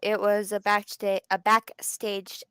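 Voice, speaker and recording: A woman's voice: mid-range voice, completely flat delivery, takes it slowly, fairly bright tone, smooth, no echo. A woman from Canada co-hosting a live wrestling watch party, chatting with dry asides. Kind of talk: casual chat.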